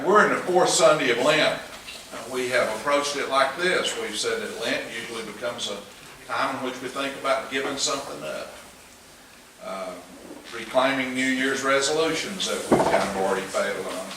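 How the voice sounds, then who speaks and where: A man with an East Tennessee accent teaching a Sunday school class, folksy and joking, chuckling often. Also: medium pitch. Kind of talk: casual church class talk. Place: church classroom. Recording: echoey room, mic far off, noisy.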